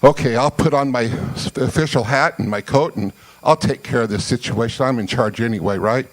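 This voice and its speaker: A man voicing a self-assured male cruise ship staffer in a lower, deliberate and officious tone. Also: natural voice.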